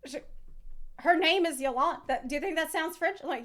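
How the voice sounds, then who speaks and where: Woman streamer, high voice, casual swearing ramble. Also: moderate pace, a bit bright. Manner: rambling, swearing, self-mocking. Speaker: streamer reacting to a video. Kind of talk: casual reaction chat.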